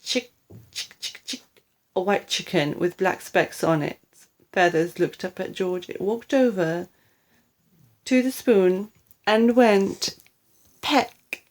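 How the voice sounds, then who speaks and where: Woman reading a kids book out loud, slow and expressive, mid pitch. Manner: expressive, lively storytelling with character voices. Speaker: storybook reader. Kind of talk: children's book read-aloud.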